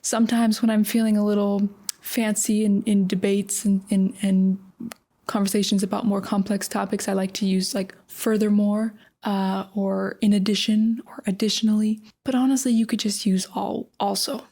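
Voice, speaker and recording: A woman's voice: medium pitch, level tone, moderate pace, mellow. A young adult American woman hosts a casual English lesson podcast. She talks in a chatty, emphatic way, full of everyday fillers. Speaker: English teacher.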